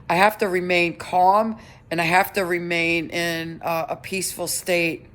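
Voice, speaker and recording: A middle-aged woman giving a personal update on her vlog, talking in an earnest, halting way with many restarts. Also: lowish voice, fairly bright tone. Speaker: vlogger.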